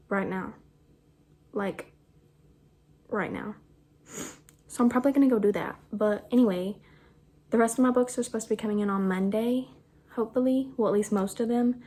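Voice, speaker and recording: A woman's voice: mid-range voice, a little mellow. A young woman, chatting casually to camera about books, bubbly and full of fillers. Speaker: book vlogger. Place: home room with a fan running. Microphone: camera propped on the floor. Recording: noisy room with fan hum.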